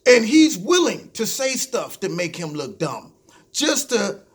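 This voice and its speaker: A man hosting his own show, giving ranting political commentary in an animated, mocking way and talking to listeners as "y'all". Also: sits high, measured pace. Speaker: show host.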